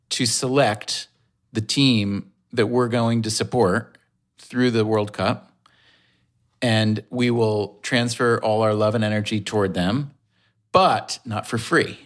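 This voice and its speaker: Rambling, halting middle-aged man. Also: medium pitch, fairly bright tone. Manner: rambling, halting, self-correcting. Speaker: podcast co-host. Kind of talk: casual chat.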